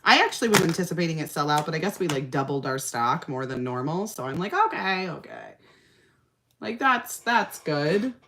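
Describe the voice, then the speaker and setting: A woman's voice: sits low, big pitch swings, moderate pace, a bit bright, slight background noise. Tired, chatty woman livestream host. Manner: chatty, laughs often, trails off in fillers. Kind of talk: casual livestream chat reading comments.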